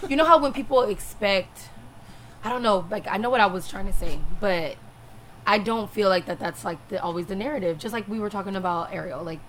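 A woman's voice: mid-range voice, a little fast, fairly bright tone, slight background noise, rough recording. A woman in a casual group debate who repeats her points insistently.

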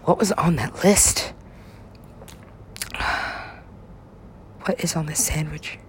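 Slow, giggly rambling woman. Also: deep voice, slight background noise. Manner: giggly, meandering, swears often. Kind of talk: rambling casual monologue.

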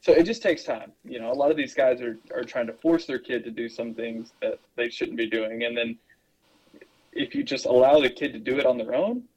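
A man's voice: medium pitch, a little fast, a little mellow, dull audio. A man co-hosting a podcast, telling long stories in a loose, rambling way with plenty of fillers. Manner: rambling, filler-heavy storytelling. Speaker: podcast co-host. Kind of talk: casual podcast chat.

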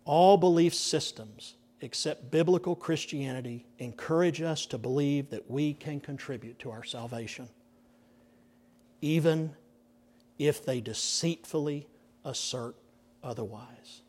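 A middle-aged man preaching a sermon in a fairly high voice. He takes his time with each phrase, sinking into near-whispers to drive a point home. The delivery is earnest and deliberate. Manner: dramatic, drops to hushed near-whispers for emphasis. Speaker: pastor.

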